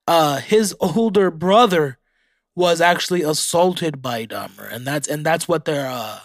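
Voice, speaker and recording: A young podcast host, whose voice sits slightly high for a man, goes a little slowly as he reads out facts and reacts with plenty of profanity in a casual solo show. The audio is close and dry, with no room sound around it.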